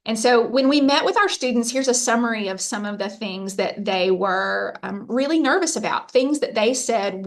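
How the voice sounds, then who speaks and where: A woman's voice: a little high, normal speed, few pauses. A woman, a university faculty member giving a conversational presentation over a video call, chatty and full of fillers. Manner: chatty storyteller, lots of fillers.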